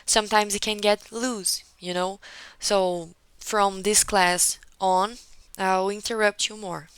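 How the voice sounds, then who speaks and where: A woman's voice: mid-range voice, fairly even intonation, slow, fairly bright tone, clear, resonant tone, dry recording, poor audio. A woman teaching an English conversation class over a video call, patiently correcting a student and often checking in with "okay?". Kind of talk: one-on-one online class feedback.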